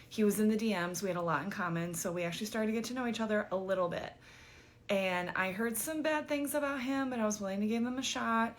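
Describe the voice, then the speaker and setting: A woman's voice: medium pitch, a little hiss or hum. A woman vlogger telling a dating story in a chatty, exasperated way, full of "like" and casual swearing.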